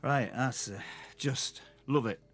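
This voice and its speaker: A Geordie man from North East England hosts a live stream, chatting casually to his viewers in a rambling, self-mocking way. His medium-pitched voice is slow and a bit bright.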